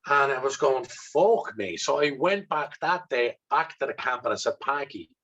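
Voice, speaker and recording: Husky irish guy talking real candid, swears a lot, kinda dull lo-fi sound. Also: mid-range voice, normal speed, bright, forceful tone. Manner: intense, swears freely, acts out remembered dialogue. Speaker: guest. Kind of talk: candid conversational storytelling.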